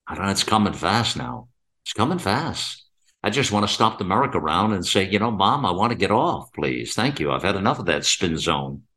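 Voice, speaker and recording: A middle-aged man delivering a long opinionated monologue as a show host. His voice sits low but swings widely up and down as he rambles. He repeats himself and keeps firing rhetorical questions. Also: fairly bright tone. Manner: rambling, repetitive, full of rhetorical questions and fillers. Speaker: podcast host.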